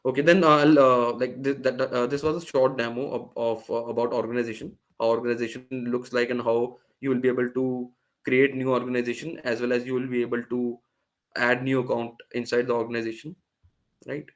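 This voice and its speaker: A man's voice: mid-range voice, little pitch movement, a little fast. Man, online workshop presenter, step-by-step explanation, many fillers and restarts, video call. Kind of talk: live screen-share tech demo.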